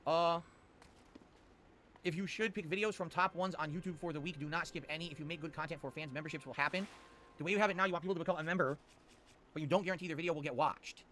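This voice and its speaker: Rapid-fire ranting male streamer. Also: a little high, pushed and bright, slight background noise. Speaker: streamer reading chat. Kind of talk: livestream chat reply.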